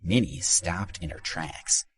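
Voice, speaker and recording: A man narrating an audiobook story in an expressive storytelling manner. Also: low voice, slow.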